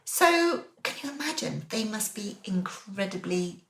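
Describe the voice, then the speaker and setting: A woman co-hosting a podcast in a casual chat, speaking animatedly with big swoops in pitch. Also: very animated, unhurried, a bit bright. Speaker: podcast co-host. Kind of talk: casual kitchen-table chat. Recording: roomy echo.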